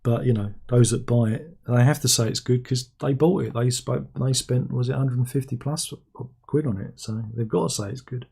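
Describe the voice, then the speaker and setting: A man's voice: mid-range voice, normal speed, gravelly, few pauses, warm tone, breathy edge. A man hosting a casual livestream, reading out viewer comments with wry, rambling asides. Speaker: livestream host.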